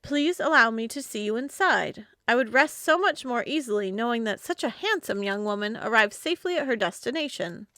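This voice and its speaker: A woman reading the part of a pompous male swindler who poses as a gentleman with a plummy manner. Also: a little high, animated, a little fast, few pauses, no room sound, studio quality. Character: smooth-talking male conman posing as gentleman.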